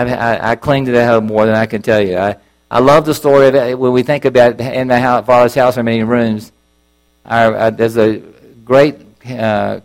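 Male preacher at a middle pitch, earnest and emotional, halting sermon delivery with restarts. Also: low-quality recording.

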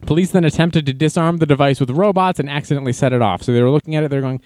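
A man's voice: a little high, fairly even intonation, racing, few pauses, darkish tone, no echo. A man casually reading news aloud and adding wry, jokey asides as an online commentator.

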